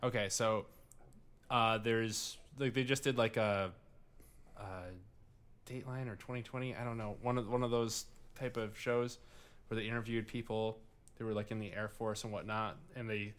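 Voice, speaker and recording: A man's voice: lowish voice, level tone, normal speed, a bit bright, clean tone. Rambling Midwestern man, casual podcast chat. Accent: Midwestern American. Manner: rambling, swearing, many fillers and restarts. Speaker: podcast co-host.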